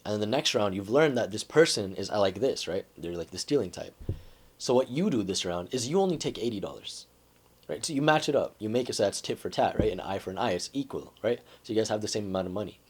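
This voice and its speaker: A man's voice: on the low side, animated, fast, slightly rough. A man talking casually to camera and explaining persuasion ideas. He keeps checking in with "right?" and fills his talk with "like.". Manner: conversational, says "right?" and "like" often. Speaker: self-help vlogger.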